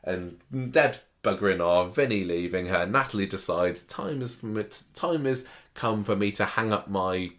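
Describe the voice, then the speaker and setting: A man, chatting casually as a podcast host, animated and laughing often. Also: lowish voice, moderate pace. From southern England. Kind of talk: casual chat recapping a soap opera.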